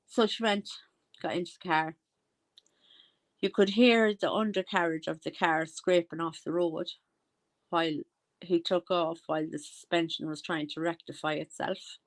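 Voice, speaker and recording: A woman's voice: deep voice, a little slow. A woman with an Irish accent giving casual, rambling commentary and often losing her train of thought. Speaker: commentary vlogger.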